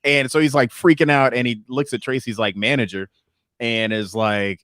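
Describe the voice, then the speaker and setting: A man's voice: mid-range voice, a little fast, no room sound. Guy cohost spinning a story, does all the voices, pretty dry close sound. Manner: animated storyteller acting out voices. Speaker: podcast co-host. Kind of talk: casual chat.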